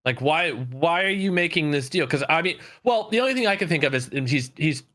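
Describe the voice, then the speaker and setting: A man's voice: fairly high pitch, lively intonation, fairly quick, a bit bright. A man co-hosting an anime podcast in casual chat, laid-back and rambling, swearing casually. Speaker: podcast co-host.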